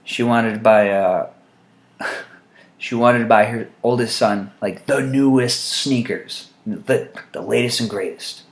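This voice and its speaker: A man telling funny stories as a vlog monologue, wry and rambling, with loud mock voices for the people he quotes. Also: mid-range voice, slow pace. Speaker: vlogger. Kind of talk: humorous storytelling monologue.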